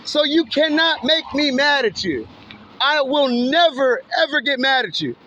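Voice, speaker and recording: A man with a very high, bright, lively voice talks outdoors beside a road at night, taunting people in passing cars. He mocks, swears and laughs as he goes. The phone recording is dull and lo-fi, with faint street noise and passing vehicles behind him. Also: measured pace. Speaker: vlogger filming passing cars. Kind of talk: casual taunting street monologue. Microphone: handheld camera or phone.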